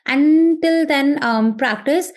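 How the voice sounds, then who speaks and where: A woman's voice: sits high, slow. A woman teaching a language lesson, explaining patiently and checking in often with "okay". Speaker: German teacher.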